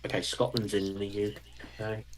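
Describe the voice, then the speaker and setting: A man's voice: lowish voice, monotone, moderate pace, a little hiss or hum, low-quality recording. Dry-witted English man, received pronunciation. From England. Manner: dry, teasing humor. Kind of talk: casual chat.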